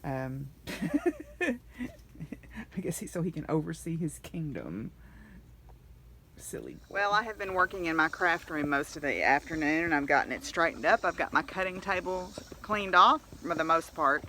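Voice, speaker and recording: A woman, talking in a rambling, candid diary vlog with soft laughs and fillers. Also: sits low, sing-song, a little slow, a little hiss or hum. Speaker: vlogger.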